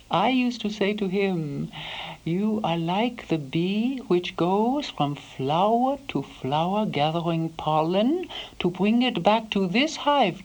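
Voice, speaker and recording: A woman playing a devoted elderly housekeeper, recalling her employer in a soft first-person monologue that sometimes sinks to a whisper. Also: fairly low pitch, low-quality recording. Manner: soft-spoken, slips into hushed whispers.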